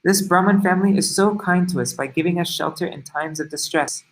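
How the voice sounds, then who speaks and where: A man reading the lines of a kind, resolute mother of five sons, calm and gently commanding. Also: sits high, brisk, rough recording. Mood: reassuring.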